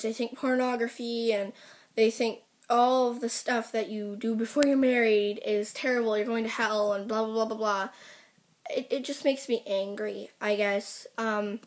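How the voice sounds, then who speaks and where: A teenage girl venting to her camera in a rambling, upset way, full of fillers. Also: a little high. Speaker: vlogger. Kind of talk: personal rant to camera.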